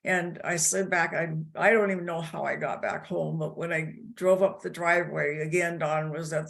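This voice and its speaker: A woman giving personal testimony in an interview, telling her story in a halting, emotional way with frequent restarts. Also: low-pitched, fairly even intonation, vocal fry, fairly bright tone. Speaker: interview guest.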